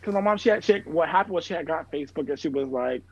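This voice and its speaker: A man's voice: fairly high pitch, animated, racing, a little hiss or hum. A man in casual chat, telling stories in a rambling way, heavy on fillers and swearing. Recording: dull lo-fi sound, dry room.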